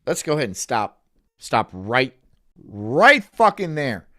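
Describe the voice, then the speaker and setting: Animated, incredulous man ranting on a stream. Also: mid-range voice, slow pace. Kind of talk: casual stream chat.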